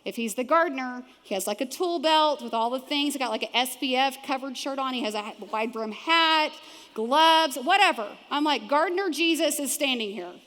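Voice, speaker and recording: A woman pastor with a Texan accent preaching a sermon, animated and acting out the voices of people in the story. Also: high-pitched, moderate pace. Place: large church auditorium. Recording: long hall reverb from a church auditorium.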